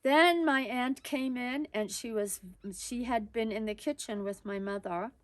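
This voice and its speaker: A woman's voice: a little high, a little slow, no echo. Conversational woman telling a memory. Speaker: storyteller. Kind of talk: personal storytelling.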